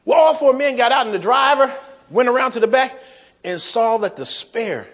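A man preaching a sermon, folksy, calling the congregation y'all, swinging from soft asides to shouted emphasis. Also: very high voice, animated, moderate pace. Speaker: pastor.

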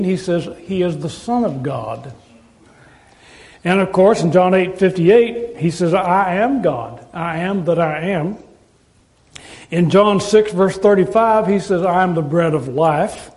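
A man preaching a sermon as pastor, earnestly listing scripture verses and slowing down to stress quoted words. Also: sits high, a little mellow, low-quality recording.

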